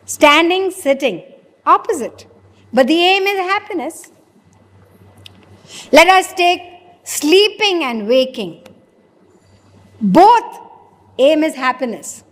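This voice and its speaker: A woman delivers a spiritual talk, questioning her listeners and playing out short dialogues. Her voice sits high. Long reverb trails every phrase, as in a large hall. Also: big pitch swings, takes it slowly, long pauses. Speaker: spiritual teacher. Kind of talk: sermon.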